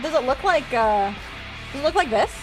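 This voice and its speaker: A woman streamer chatting casually and rambling while opening trading cards, quick to laugh. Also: sits high, animated, over music. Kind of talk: casual live-stream chat.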